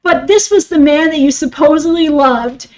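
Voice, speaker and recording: A middle-aged woman hosting a podcast, telling a personal story in a candid, profane way, trailing off and restarting, sometimes dropping to a hush and sometimes breaking into loud outbursts. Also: high-pitched, normal speed, rough recording. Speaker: podcast host.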